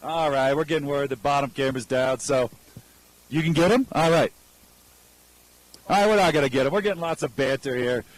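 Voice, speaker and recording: A relaxed male co-commentator at a live freeride ski contest, chatting loosely. His speech is full of casual fillers, and his voice sits a bit high for a man. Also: fairly quick, long pauses, no echo, low-quality recording. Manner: laid-back, casual, lots of fillers.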